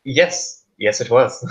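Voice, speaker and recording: A man's voice: mid-range voice, animated, extremely slow. Male player, wry and joking, slightly dull recording. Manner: wry, laughs at his own jokes. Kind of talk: casual tabletop role-play.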